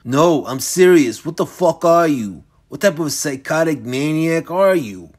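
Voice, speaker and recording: A man's voice: mid-range voice, normal speed, natural voice. Man voicing a young city brawler, blunt, profane, shaken, defiant, gritty audiobook character.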